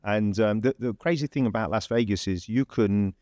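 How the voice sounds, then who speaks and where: A man's voice: lowish voice, normal speed, darkish tone, dry recording, studio quality. English man telling a rambling story. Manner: chatty, rambling storyteller with many fillers and restarts. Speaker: podcast host. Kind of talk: casual anecdote telling.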